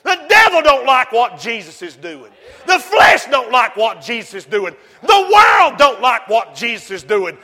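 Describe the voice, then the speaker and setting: A man preaching a fiery sermon, shouting and whooping, then dropping to low asides. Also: sing-song, unhurried, a faint crowd. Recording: long hall reverb.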